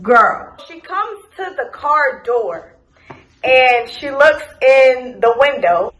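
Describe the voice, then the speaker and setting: A young woman with a high, bright voice tells a storytime vlog, acting out every quote. Her voice bounces around an echoey room, with a faint hiss underneath. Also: lively intonation, slow. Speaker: vlogger. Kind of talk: casual storytime.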